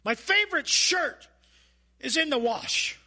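A man preaching a sermon as a pastor, animated and asking the congregation questions. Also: very high voice, slow pace. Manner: animated, acts out voices and asides; asks the audience questions.

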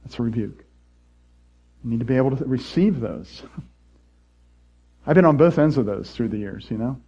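A middle-aged man preaching a sermon as pastor, playful and animated, jumping from loud mock voices to quiet earnest asides. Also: medium pitch, normal speed, husky, muffled recording.

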